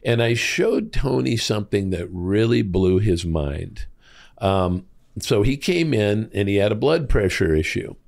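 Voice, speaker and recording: Middle-aged man from Iowa, gravelly guest, chatty storyteller. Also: a little slow. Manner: animated, acts out quoted voices with big pitch jumps. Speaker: guest, hormone clinic co-founder. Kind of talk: casual storytelling interview.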